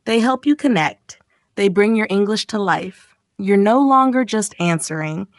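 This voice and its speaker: A woman's voice: mid-range voice, animated, a little slow, dry recording. A woman teaching English in a scripted lesson, her voice swinging up and down as she acts out example reactions. The sound is dry and close, with no room around it.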